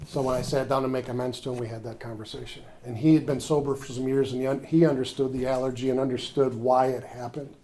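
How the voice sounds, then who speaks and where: This man talks quickly with few pauses in a mid-range voice, over slight background noise. He's sharing his story at a recovery workshop in a confessional way, dropping almost to a whisper when things get tender and coming alive when he acts out conversations.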